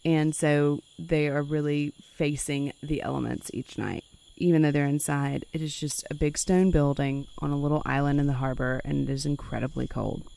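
Wry woman podcast host, warm low voice. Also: steady tone, normal speed, creaky. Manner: dramatic when reading quotes, wry asides. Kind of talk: conversational history podcast, reading passages aloud.

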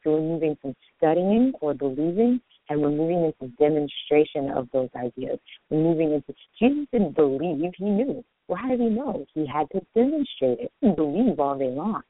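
A man hosting a spiritual radio show, talking fast and earnestly off the top of his head in a long monologue. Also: on the high side, big pitch swings, dry recording. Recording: tinny phone-line sound, dry.

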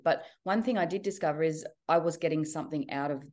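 A middle-aged woman, an author reading from her memoir and answering interview questions in a steady, candid way. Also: sits low, fast. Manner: steady storytelling, earnest and candid. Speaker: author and guest.

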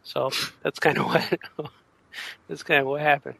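A comics creator, a man, chatting casually in a laid-back, halting way, often laughing. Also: on the high side, steady tone, gravelly, bright, forceful tone, no echo, poor audio. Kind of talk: casual chat.

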